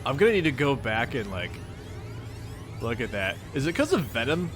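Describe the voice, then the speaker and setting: A man's voice: medium pitch, sing-song, moderate pace, music in the background. A young man with a Midwestern accent, hosting a livestream and greeting viewers in a playful, goofy, upbeat way. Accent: Midwestern American. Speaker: livestream host reading a webcomic.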